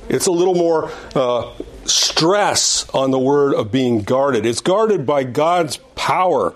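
A man's voice: medium pitch, animated, slow. An older man teaching an adult Sunday school class in a conversational way, repeating phrases and restarting sentences, rising and speeding up on key points. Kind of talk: Bible lesson. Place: church classroom.

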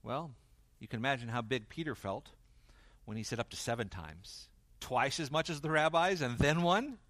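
Man preaching a lively sermon, dry sound. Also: medium pitch, normal speed, no room sound. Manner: animated preaching, swings from loud emphasis to quiet intensity; acts out quoted dialogue in varied voices. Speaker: pastor.

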